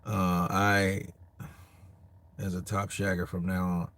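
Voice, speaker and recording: A man's voice: deep voice, level tone, slow pace, fairly bright tone. An American man hosting a casual boxing show, cursing often, laughing easily, and talking straight to his viewers. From United States. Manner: laughing often, loose and crude, talks to the chat. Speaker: boxing show host reading viewer comments. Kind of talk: casual profane chat.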